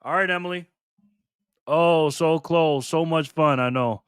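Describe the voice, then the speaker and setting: Male streamer host, slightly high pitch, playful and teasing, dry close mic. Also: measured pace, clean tone, dry recording. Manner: playful, teasing, laughs often. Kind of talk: casual live stream chat reading viewer comments.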